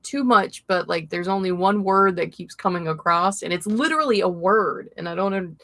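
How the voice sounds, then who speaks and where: A woman's voice: on the low side, a little fast, a bit bright, no room sound. A woman hosting a casual livestream as a tarot reader, chatting with viewers, greeting them by name and laughing often. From Florida.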